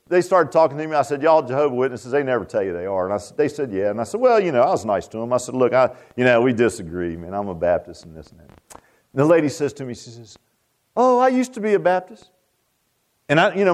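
A man preaching a Baptist sermon in a folksy, animated way, often stammering and restarting. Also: on the high side. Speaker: Baptist pastor.

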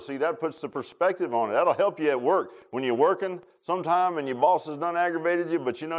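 Folksy preacher man, chatty. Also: on the high side. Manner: chatty, drawling, repeats words, laughs at own stories. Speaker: pastor. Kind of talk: folksy sermon with personal stories.

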